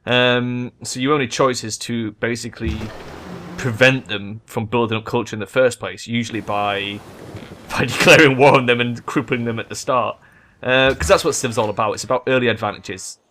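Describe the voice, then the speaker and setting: A young man talks through a strategy game as he plays, thinking out loud. His voice sits at an ordinary middle pitch, and he turns excitable and loose with his language, swearing freely. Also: normal speed, slight background noise. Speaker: let's play gamer. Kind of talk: gameplay commentary.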